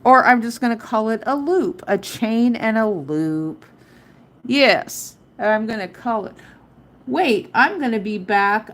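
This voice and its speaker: A woman's voice: fairly high pitch, expressive, takes it slowly. A middle-aged woman hosting a live crochet tutorial, chatting casually and counting her stitches aloud. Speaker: crochet livestream host.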